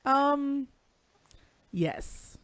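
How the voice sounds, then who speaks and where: A woman's voice: sits high, animated, drawn-out words, no room sound. A young woman co-hosting a live stream over a video call, telling rambling stories bluntly with plenty of swearing. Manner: blunt, profane, rambling storyteller. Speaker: co-host. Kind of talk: casual live-stream chat.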